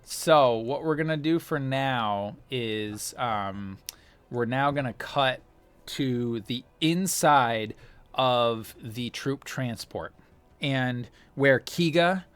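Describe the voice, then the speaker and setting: A man's voice: mid-range voice, a bit bright, clear, resonant tone. A man running a tabletop role-playing game as game master, narrating with many fillers and restarts. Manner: halting, full of fillers and restarts.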